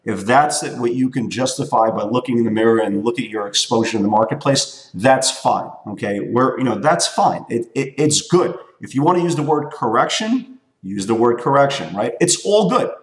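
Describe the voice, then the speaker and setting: A man in his forties talks through a trading lesson with emphatic, repetitive insistence, driving each point home and tagging lines with quick checks to the listener. His voice sits at an ordinary middle pitch. The recording carries a noticeable roomy echo. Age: 40s. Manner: emphatic, repeats points, tags lines with "okay?" and "right?". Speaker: trading educator. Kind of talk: weekly market recap talk.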